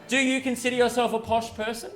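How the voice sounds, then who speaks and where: An Australian man in his late twenties doing stand-up comedy, telling cheeky, animated stories and bantering with the crowd. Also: extremely high pitch, quick pace, loud music behind the voice. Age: late 20s. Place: theatre stage before a live audience. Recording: echoey live venue, loud noise.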